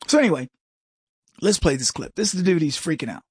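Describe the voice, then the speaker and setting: A man's voice: fairly high pitch, expressive, fast talker, husky, no room sound, clean studio sound. A man hosting a commentary show, talking in a rambling way and mimicking voices in his anecdotes. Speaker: show host. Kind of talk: opinionated commentary.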